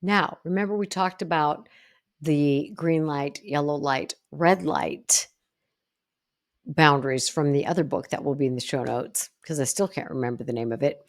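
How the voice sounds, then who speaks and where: Low-voiced woman psychologist coaching listeners. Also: normal speed. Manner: emphatic, acts out example dialogues, punctuates with "boom". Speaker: psychologist podcast host. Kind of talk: instructional solo podcast.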